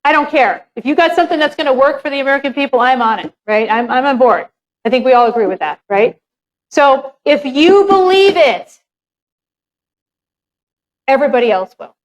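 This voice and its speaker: Brief: high-pitched woman, real estate seminar presenter, frank and conversational, drops the odd swear word. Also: lively intonation, normal speed, long pauses, low-quality recording. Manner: candid, chatty, swears casually. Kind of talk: live seminar talk.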